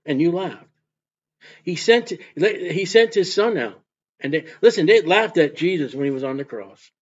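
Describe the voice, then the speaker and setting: A man's voice: a little high, animated, normal speed, breathy edge, dull audio. A man preaching a fervent sermon as a street preacher. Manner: fervent, mocking laughter when imitating scoffers.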